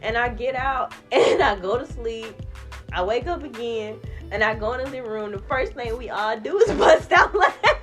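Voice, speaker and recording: A woman's voice: fairly high pitch, normal speed, faint music behind. A young woman hosts a casual podcast and tells a story through bursts of laughter. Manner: animated, laughing while telling a story. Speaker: podcast host.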